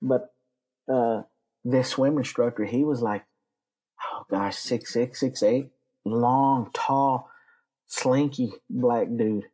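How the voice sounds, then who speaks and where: Guest spot: mellow, husky Texas-raised man, rambling profane storyteller. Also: mid-range voice, fairly even intonation, slow, poor audio. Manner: rambling, profane, lots of fillers. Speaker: interview guest, Navy veteran. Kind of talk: casual storytelling.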